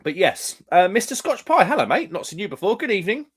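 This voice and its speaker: A man's voice: high-pitched, big pitch swings, fast talker, a bit bright, slightly rough. A young man from the UK hosting a live stream, chatting casually with viewers in a rambling way full of fillers. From United Kingdom. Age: young adult.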